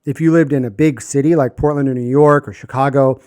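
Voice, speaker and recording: A man co-hosting a podcast, chatting casually and telling animated stories, sometimes mimicking people in a much higher voice. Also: brisk, clear, resonant tone, dry recording, studio quality. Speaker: podcast co-host. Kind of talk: casual chat.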